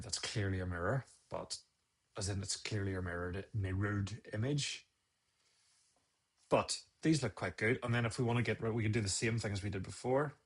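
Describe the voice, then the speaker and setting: Gravelly man muttering through an edit. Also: lowish voice, moderate pace. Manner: muttering, self-scolding, chatty asides. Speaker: photographer teaching photo editing. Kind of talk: live-stream editing tutorial, talking to himself.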